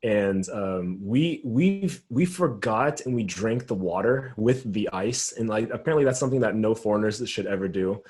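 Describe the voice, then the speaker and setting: A man's voice: lowish voice, animated, moderate pace, few pauses, a little mellow. A young adult man, a youth pastor, telling a story in a casual round-table chat, acting out the dialogue and laughing often.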